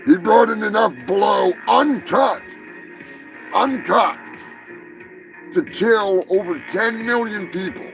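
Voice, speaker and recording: Gravelly, sarcastic man ranting. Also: high-pitched, steady tone, measured pace, hardly any pauses, soft background music, poor audio. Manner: sarcastic, profane, bursts into shouting. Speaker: host. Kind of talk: comedic rant on a live show.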